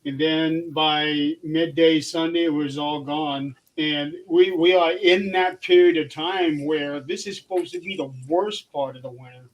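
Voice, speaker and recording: A man from Indiana in a casual group chat, speaking in a halting, hesitant way. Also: fairly high pitch, steady tone, poor audio. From Fort Wayne, Indiana.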